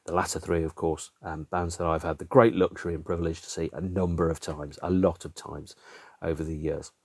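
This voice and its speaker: A man's voice: sits low, level tone, fairly quick, gravelly, husky, dry recording. A man in his fifties from Birmingham, England, hosting a podcast in a wry, self-mocking monologue full of asides. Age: 50s. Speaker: podcast host. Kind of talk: casual solo podcast monologue.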